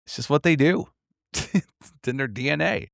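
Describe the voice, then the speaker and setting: A man's voice: fairly high pitch, normal speed, vocal fry, dry recording, studio quality. A man co-hosting a casual podcast, telling delivery stories with lots of laughter and swearing. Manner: animated storyteller, acts out quotes, swears, laughs often. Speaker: podcast co-host, delivery driver.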